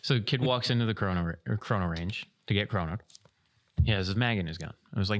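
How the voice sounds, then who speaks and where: A man on a casual podcast, telling animated referee stories and acting out the people in them. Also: low-pitched, quick pace. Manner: animated storyteller, acts out quotes. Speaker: airsoft referee, podcast regular.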